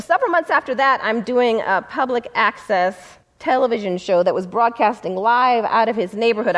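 A woman, a civil rights lawyer, earnestly telling a story in a talk. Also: mid-range voice. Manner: earnest, vivid retelling.

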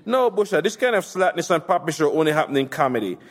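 A foul-mouthed gangster rants in a boastful, mocking way, as a man puts him on. His voice sits somewhat high for a man. A long reverb from a hall trails every line. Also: expressive, quick pace. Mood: scornful.

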